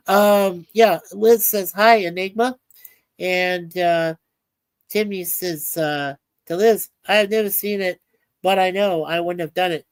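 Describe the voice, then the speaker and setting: A woman's voice: lowish voice, unhurried, dry recording. A woman co-hosting a livestream, chatting casually and reading viewer comments aloud with frequent filler words. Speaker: livestream co-host.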